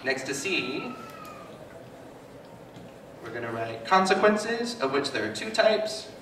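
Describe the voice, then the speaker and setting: A man giving a live talk as a psychotherapist, telling stories with animated, self-mocking humor to an audience. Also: high voice, takes it slowly. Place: hall with an audience. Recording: echoey hall, mic at a distance, noisy.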